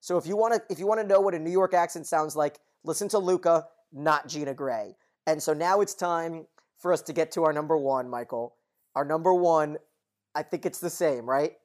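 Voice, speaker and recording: A man co-hosting a podcast, recapping plot details quickly and casually, sometimes swearing. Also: a little high, a little mellow. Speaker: podcast co-host.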